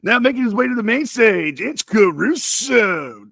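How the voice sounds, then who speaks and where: A man's voice: very high-pitched, lively intonation, unhurried, gravelly, fairly bright tone, voice pushed up, exaggerated voice. A man putting on the voice of a hyped-up strip club DJ announcing acts. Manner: overhyped announcer patter.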